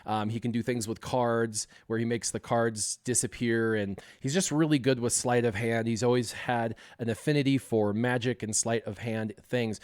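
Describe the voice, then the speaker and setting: A man's voice: mid-range voice, no echo, clean studio sound. A young man telling a childhood story on a casual live stream, acting out the scenes and laughing often.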